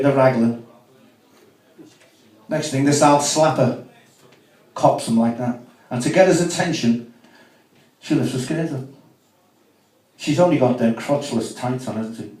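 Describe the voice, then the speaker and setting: A man's voice: mid-range voice, moderate pace, long pauses, warm tone. A man doing a cheeky, chatty stand-up set at a comedy club, with asides to the crowd. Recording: echoey room, mic from far off.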